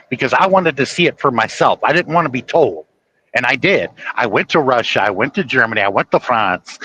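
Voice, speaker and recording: A man's voice: mid-range voice, bright, forceful tone, muffled recording. A man from the United States hosting a casual political chat, opinionated and telling stories with quoted exchanges. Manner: opinionated, storytelling with acted quotes. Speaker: podcast host.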